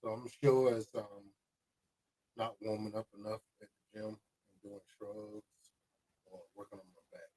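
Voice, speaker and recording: A man's voice: fairly low pitch, flat delivery, moderate pace, warm tone, husky, low-quality recording. A man chatting casually on a homestead livestream in a laid-back way. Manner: laid-back, laughs along.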